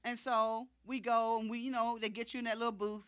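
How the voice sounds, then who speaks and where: A woman giving an animated faith testimony to a congregation, often laughing and acting out the people in her story. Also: on the high side, a little fast.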